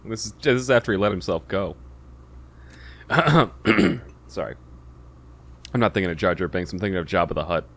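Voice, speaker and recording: A man's voice: low-pitched, normal speed, pauses often, fairly bright tone. A man hosting a casual podcast, reading a story aloud, stumbling over awkward words, laughing and cursing at his own slips. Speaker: podcast host.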